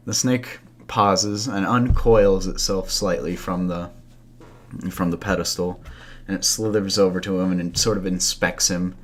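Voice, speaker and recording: A man narrating a campfire story as a podcast host, loose and conversational, with asides and fillers. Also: deep voice.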